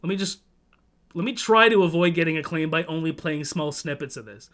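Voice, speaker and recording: Over loud music, a man from Toronto, Canada, hosts a livestream, chatting in a rambling, profane manner full of restarts. His voice is on the high side, steady in tone and moderately paced.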